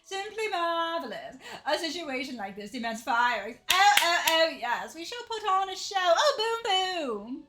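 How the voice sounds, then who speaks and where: A woman voicing a pompous, theatrical rich man who gushes in drawn-out exclamations. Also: very high voice, very animated, very noisy, pitched above the performer's own voice. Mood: gushing.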